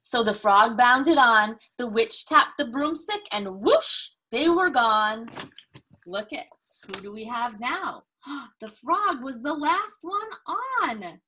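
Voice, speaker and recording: A woman reads a picture book aloud to a young child, in a high, bright voice. She reads very slowly and with lots of expression, gasping and asking questions to draw the child in. It sounds like a patient storybook session. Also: a little hiss or hum. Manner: slow, expressive, with gasps and prompting questions.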